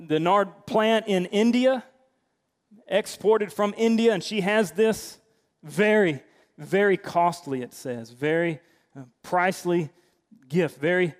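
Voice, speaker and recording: A man's voice: fairly high pitch, long reverb tail. A man preaching a sermon as pastor, in a conversational style with frequent restarts.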